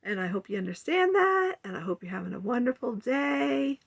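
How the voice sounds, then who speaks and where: Gravelly older woman, heartfelt vlog. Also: a little high, expressive, moderate pace, lo-fi sound. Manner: earnest, rambling, heartfelt. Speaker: vlogger. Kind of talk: personal confessional monologue.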